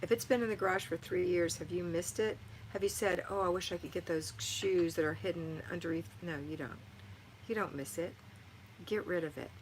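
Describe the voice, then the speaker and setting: Middle-aged lady doing a live chat, lowish voice, reading comments and cheering people on, bit of background hiss. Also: brisk, low-quality recording. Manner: encouraging, motherly, reads comments aloud. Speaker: livestream host answering viewer chat. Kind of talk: live-stream chat and home advice.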